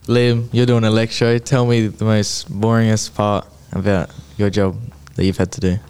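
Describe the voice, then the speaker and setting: A man's voice: fairly low pitch, level tone, normal speed, a little mellow, smooth. A teenage man, a carpentry student co-hosting a podcast and putting plain questions to the others.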